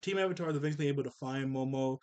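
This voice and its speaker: A man's voice: medium pitch, rapid-fire, darkish tone, clear, resonant tone. A man hosting a casual cartoon episode review, rambling along with chuckles and self-corrections.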